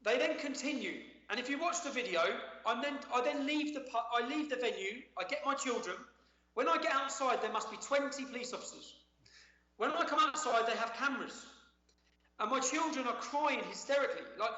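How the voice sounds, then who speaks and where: A man's voice: very high-pitched, a little fast, bright, forceful tone. Man, emphatic and indignant, repeats words, dull lo-fi line with room echo. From England. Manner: emphatic, indignant storytelling with frequent word repeats. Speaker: interview guest. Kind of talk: remote interview. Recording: echoey, dull lo-fi sound.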